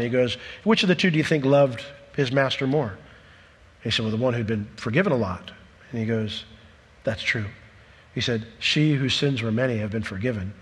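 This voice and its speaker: A man's voice: mid-range voice, husky. Man preaching in a reverberant hall. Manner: animated storytelling, acts out quoted voices. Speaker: pastor. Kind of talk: sermon.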